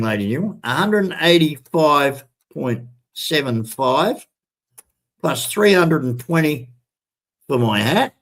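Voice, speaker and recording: An older vlogger with a fairly high voice takes his time, his pitch swinging widely as he rambles through a story to camera. He talks chattily and repetitively, greeting viewers as ladies and gentlemen.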